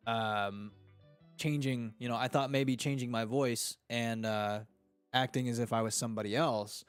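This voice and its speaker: A man hosting a casual podcast and reading live chat, talking in a slangy, animated way. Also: mid-range voice, clear, resonant tone, no echo, studio quality. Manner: slangy and animated, fond of "dude" and "freaking".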